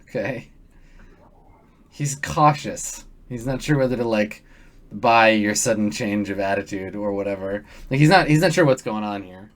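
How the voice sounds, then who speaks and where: A man's voice: on the low side, normal speed. A man narrating as game master in a tabletop game, loose and hesitant with many fillers.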